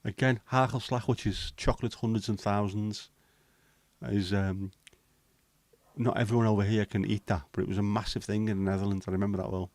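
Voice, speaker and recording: Man, fifties, chatty livestream host, casual swearing, lowish voice. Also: steady tone, a little fast, a little mellow, no room sound. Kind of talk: casual chat reading viewer comments.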